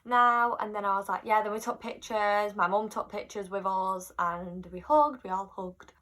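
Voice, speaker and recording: A woman's voice: medium pitch, moderate pace. A young woman telling a personal story in a casual, chatty vlog, acting out what people said. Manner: chatty, animated retelling with quoted voices. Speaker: vlogger.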